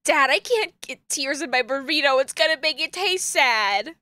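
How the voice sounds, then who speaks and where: A woman's voice: high-pitched, expressive, moderate pace, bright, forceful tone, no room sound. A woman reading as a playful teenage daughter. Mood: teary. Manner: teasing, affectionate.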